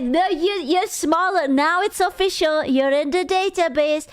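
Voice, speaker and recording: Woman streamer, high and smooth voice, unhurried, blunt and teasing. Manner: blunt, self-deprecating, teasing. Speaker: streamer reacting to clips. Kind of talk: casual chat.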